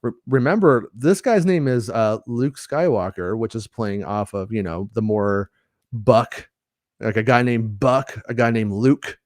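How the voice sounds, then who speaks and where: A man's voice: mid-range voice, unhurried, a little mellow, no room sound. Rambling man, dry close sound. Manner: rambling, many restarts and fillers. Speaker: podcast host. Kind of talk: casual chat.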